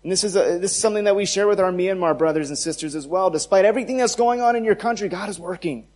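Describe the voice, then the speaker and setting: A man's voice: high voice, quick pace, darkish tone. A man preaching a sermon as pastor, building emphasis with repeated phrases.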